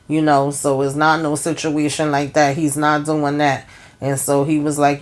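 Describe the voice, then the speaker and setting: A woman with a low voice talks through a TV episode in a relaxed, chatty way. She retells each scene as quoted back-and-forth dialogue, full of fillers and asides. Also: normal speed. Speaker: TV recap host. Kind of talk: casual episode recap.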